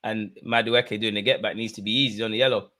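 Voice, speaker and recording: A young man, commentating live on a football match for his viewers and shouting at the screen. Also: fairly low pitch, fast talker. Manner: excitable, swings from muttering to shouting at the screen. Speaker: football watchalong host. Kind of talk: live watchalong commentary, casual.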